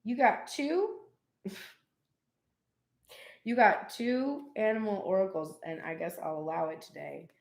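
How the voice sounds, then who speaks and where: A woman giving a casual live tarot reading, chatty and animated, with frequent laughs and cheeky asides. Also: mid-range voice, a little slow, creaky, pauses often, echoey room. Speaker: tarot reader.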